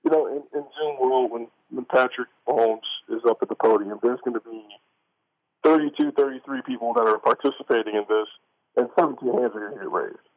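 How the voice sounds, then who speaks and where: A man's voice: mid-range voice, fairly quick. Rambling man on a tinny phone line. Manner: rambling, many restarts and "like", laughs often. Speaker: sports radio co-host. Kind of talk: casual sports radio chat.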